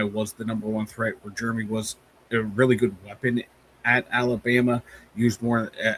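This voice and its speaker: A man's voice: fairly low pitch, a bit bright, slight background noise, poor audio. A man co-hosting a live sports podcast, giving blunt, casual opinions with some swearing. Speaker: podcast co-host.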